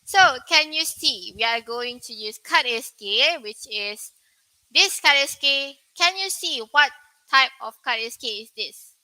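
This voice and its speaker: A young woman with a Malaysian English accent teaching an English pronunciation lesson, modelling words slowly and asking the viewers questions. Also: high-pitched, lively intonation, sharp tone, rough recording.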